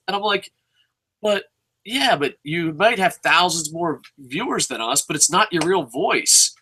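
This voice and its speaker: Co-host, male. Profane, animated ranter with a piercing, fairly high voice. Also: measured pace, breathy edge. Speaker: podcast co-host. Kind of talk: casual chat.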